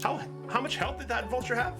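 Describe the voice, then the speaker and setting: A man's voice: very high-pitched, fairly quick, music in the background. A man commentating his own gameplay live as a streamer, playful and teasing with his chat. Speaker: game streamer.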